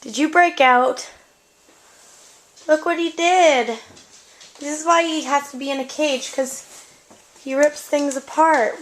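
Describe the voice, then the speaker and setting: A woman's voice: high voice, fairly even intonation, slow pace, long pauses, a little hiss or hum. A young woman from Canada with a girlish voice, chatting casually to the camera at home, easily distracted and giggly. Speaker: vlogger. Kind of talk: casual chat.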